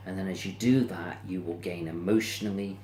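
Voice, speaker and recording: Deep-voiced man as card reader, soothing and repetitive, a little weary, echoey room with faint background hum. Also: fairly even intonation, brisk, darkish tone. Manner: soothing, repetitive, yawning and tired. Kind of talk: tarot-style reading to camera.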